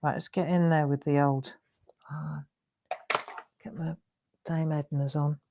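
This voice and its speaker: A woman with a fairly low voice leads a relaxed drawing tutorial. She talks chattily as she works, with a self-deprecating humour. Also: a little slow, gravelly, slight background noise. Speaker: craft demonstrator hosting a live stream.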